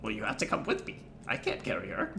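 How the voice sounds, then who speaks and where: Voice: mid-range voice, wildly swooping pitch, fast, vocal fry, noisy background, pitched below the performer's own voice, full character voice. A player voicing a sly goblin schemer who coaxes and talks people into things. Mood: coaxing. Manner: scheming, coaxing.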